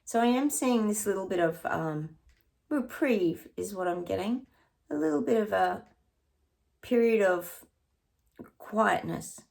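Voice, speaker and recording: A woman's voice: mid-range voice, lively intonation, a little slow, creaky, pauses often, a little mellow. A woman psychic chatting through her predictions in a rambling, casual way, sometimes dropping to a near-whisper.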